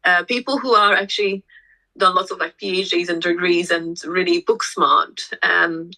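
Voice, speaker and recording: A woman's voice: lowish voice, steady tone, moderate pace, sharp tone, rough recording. A woman yoga teacher explaining energy centres in a podcast chat, hesitant and full of restarts, livelier when she tells a story. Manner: hesitant, with frequent restarts and fillers. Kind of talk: conversational explanation.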